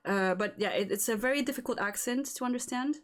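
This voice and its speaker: French-accented woman, halting casual chat. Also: on the high side. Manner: halting, many fillers and restarts. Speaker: host.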